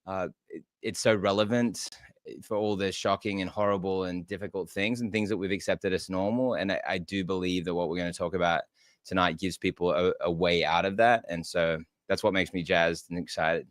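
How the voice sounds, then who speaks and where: A man's voice: deep voice, steady tone, brisk, dry recording, clean studio sound. A man from Australia, a guest on a podcast, talking earnestly, restarting often and laughing easily. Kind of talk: casual interview chat.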